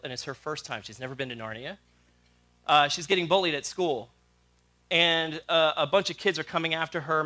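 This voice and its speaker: A middle-aged man gives a sermon in a bright, forceful voice that sits a little high for a man. He retells a story with animation and acts out the characters' lines. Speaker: guest preacher.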